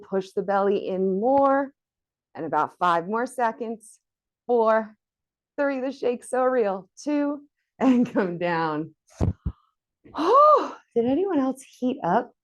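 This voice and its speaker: A woman's voice: mid-range voice, a little mellow, muffled recording. A woman leading a guided floor workout, counting reps aloud and encouraging, a little out of breath from exercising along. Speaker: fitness instructor.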